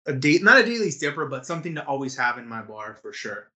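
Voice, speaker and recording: A man co-hosting a casual podcast, talking in a relaxed, rambling way with lots of fillers. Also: medium pitch, fast talker. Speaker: podcast co-host. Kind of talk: casual chat.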